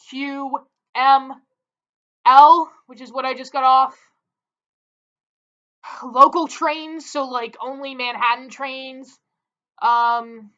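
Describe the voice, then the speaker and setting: A woman's voice: high-pitched, smooth, muffled recording. A young woman telling a story to camera in a chatty way, with many fillers. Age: young adult. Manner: chatty, filler-heavy, animated. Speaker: vlogger. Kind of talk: casual storytelling.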